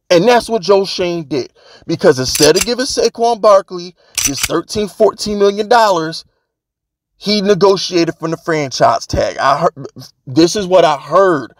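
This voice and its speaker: A man's voice: high voice, animated, a little slow, dry recording. A man hosting his own sports channel, ranting in a brash, profane, joking way and repeating lines for emphasis. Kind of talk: sports rant commentary.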